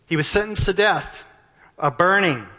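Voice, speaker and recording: Impassioned preacher in a reverberant hall. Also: male voice, high voice, lively intonation, normal speed. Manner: impassioned, rising to near-shouts at peaks. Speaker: pastor. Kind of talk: sermon. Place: church sanctuary.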